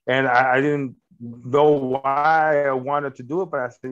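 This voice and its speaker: A man's voice: medium pitch, moderate pace. A middle-aged man, a filmmaker and actor, talking in a casual interview, earnest and rambling with many fillers and restarts. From United States. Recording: dull lo-fi audio.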